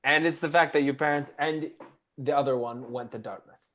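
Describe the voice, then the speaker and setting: A man performs in a live improv comedy scene. His voice is fairly high and his delivery is dry and blunt, with a mock-stern edge. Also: fairly even intonation, fairly quick, a bit bright.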